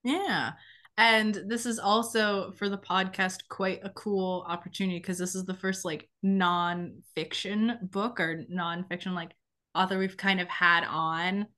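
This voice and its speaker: A woman's voice: mid-range voice, steady tone, measured pace, pushed and bright. A young woman hosting a podcast interview, chatty and a little rambling, her voice slightly worn from losing it. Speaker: podcast host. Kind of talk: casual interview chat.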